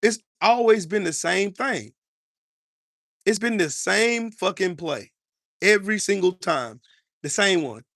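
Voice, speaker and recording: A man's voice: high-pitched, lively intonation, takes it slowly, long pauses, a bit bright, no echo, clean studio sound. An American man delivering heated political commentary in an angry, profane, repetitive rant.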